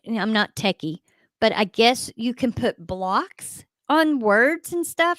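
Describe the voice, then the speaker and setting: A middle-aged woman, a ghost hunter guest telling an emphatic, animated story in a radio interview. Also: medium pitch, no room sound.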